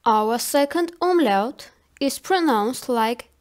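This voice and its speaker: A woman giving a language lesson, saying each word slowly and carefully, often twice. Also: high voice, animated. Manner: slow, carefully enunciated word drills. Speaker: language teacher.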